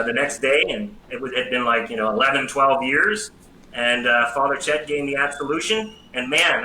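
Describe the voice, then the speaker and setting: Bright middle-aged American man telling his story. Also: mid-range voice. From United States. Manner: lively storyteller with self-deprecating humor. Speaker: guest, priest and psychology professor. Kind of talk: personal testimony in a casual interview. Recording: roomy echo with faint background noise.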